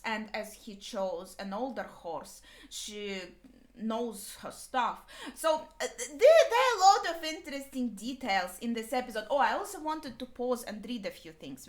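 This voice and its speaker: Woman, non-native English, casual reaction host; rambling, thinks aloud, slightly high voice. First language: not English. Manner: chatty, thinks aloud with many fillers.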